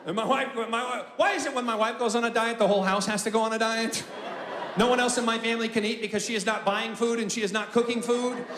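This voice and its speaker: Man, stand-up comic, animated and loud on the jokes; high voice, live room with heavy reverb. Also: quick pace, a little hiss or hum. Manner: animated, shouting punchlines. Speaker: stand-up comedian. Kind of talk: stand-up routine. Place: large theater stage with live audience. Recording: echoey hall, loud crowd laughter.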